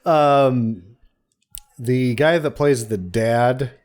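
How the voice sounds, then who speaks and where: A man's voice: medium pitch, extremely slow, a little mellow. A man co-hosting a movie review podcast, giving easygoing, offhand opinions in casual chat with fillers. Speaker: podcast co-host.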